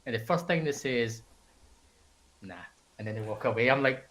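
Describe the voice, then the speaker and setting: A man's voice: medium pitch, fast, fairly bright tone. A man with a Scottish accent, a guest in a casual chat, laughing through his stories. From Scotland.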